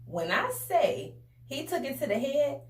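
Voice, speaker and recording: A young woman telling a casual storytime to her viewers in a chatty, animated way, often calling them y'all. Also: high voice, measured pace. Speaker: vlogger. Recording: roomy echo, a bit distant from the mic.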